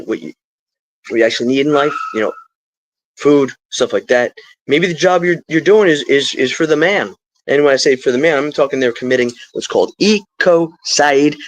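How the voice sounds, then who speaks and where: A man's voice: fairly high pitch, slight background noise, low-quality recording. A middle-aged man talking to his live stream in a rambling, stream-of-consciousness way, drifting into spiritual asides.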